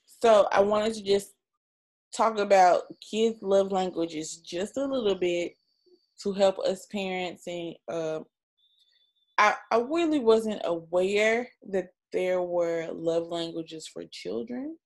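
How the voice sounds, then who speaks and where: A woman's voice: mid-range voice, slow, darkish tone. A woman in her thirties hosting a casual podcast, chatty and emotional, with casual swearing. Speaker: podcast host, mother.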